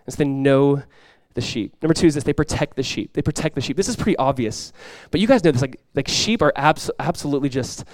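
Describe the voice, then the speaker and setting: A man preaching a sermon as pastor, telling stories with lively energy, then dropping quiet and slow to press a point. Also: medium pitch, dry recording, clean studio sound. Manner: animated storytelling, drops quiet and slow for emphasis; conversational, many fillers like "like" and "you guys".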